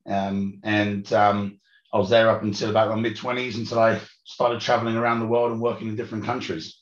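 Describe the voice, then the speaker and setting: A man in his thirties with a London accent and a faint Australian and South African twang talks chattily, with lots of ums and restarts. His low voice sounds roomy and a bit dull, as though recorded remotely in an echoey room. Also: flat delivery, fairly quick. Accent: British, London, with slight Australian and South African twang. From West London, England. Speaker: podcast guest. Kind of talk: conversational interview.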